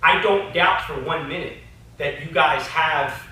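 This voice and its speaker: Bright-voiced man presenting in an echoey hall. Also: a little high, unhurried. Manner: conversational, with frequent "you know" and "right?". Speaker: conference presenter. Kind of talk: casual conference presentation. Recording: echoey hall, picked up from a distance.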